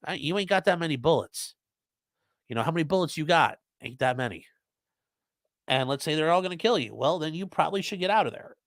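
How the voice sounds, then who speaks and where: A man's voice: on the high side, animated, a little fast, no echo, studio quality. A man hosting a live stream who reads viewer comments aloud and answers them in a blunt, profane, conversational way.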